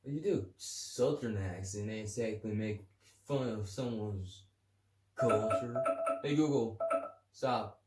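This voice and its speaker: Faint music plays behind a man hosting a casual solo podcast early in the morning from a room at home, where he rambles, jokes crudely, and reads definitions. His voice is lowish and darkish, his pace slow, and the echoey room holds faint ambient noise.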